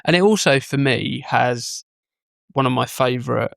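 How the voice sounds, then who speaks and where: A man's voice: medium pitch, moderate pace, gravelly, fairly bright tone, dry recording, studio quality. A man co-hosting a podcast, chatting enthusiastically about a film and quoting its lines. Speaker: podcast co-host. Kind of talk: casual film chat.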